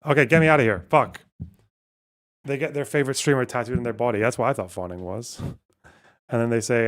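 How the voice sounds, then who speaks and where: A man's voice: medium pitch, a little fast, long pauses. A man streaming live, thinking aloud as he plays a word puzzle, swearing often and talking to his chat. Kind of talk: casual live-stream talk while playing a word puzzle.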